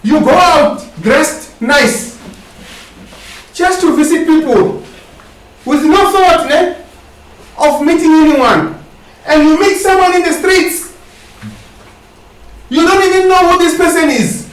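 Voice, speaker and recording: A man's voice: very high voice, takes it slowly, long pauses. A man preaching a sermon. He tags his lines with questioning asides and asks the congregation to finish his sentences. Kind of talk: sermon with call-and-response. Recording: echoey hall, distant mic, faint hiss.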